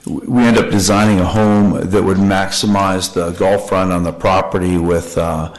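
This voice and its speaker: A very low-voiced man speaks at a public meeting as a property owner. He sounds agreeable and deferential, nodding along and restarting his sentences as he explains himself. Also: steady tone, moderate pace. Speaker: property owner applying for a land-use change.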